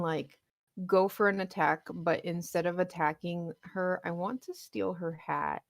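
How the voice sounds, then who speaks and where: A woman's voice: lowish voice, fairly even intonation, a little slow, gravelly, no echo, clean studio sound. A woman playing in an online tabletop game, chatting casually and eagerly over a video call. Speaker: player.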